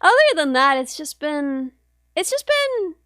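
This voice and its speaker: A woman's voice: sits high, big pitch swings, measured pace, fairly bright tone, no room sound, clean studio sound. A young woman streamer telling a wry story in casual chat, full of "like" and restarts. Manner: chatty, wry, lots of "like" and restarts.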